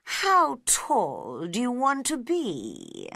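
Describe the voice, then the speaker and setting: A woman voicing a sleepy, unfriendly male caterpillar who smokes a pipe, speaking very slowly and curtly. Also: a little high, huge pitch swings, vocal fry, pushed and bright, no echo, studio quality, pitched above the performer's own voice, heavily acted. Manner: very slow, drawn-out and curt.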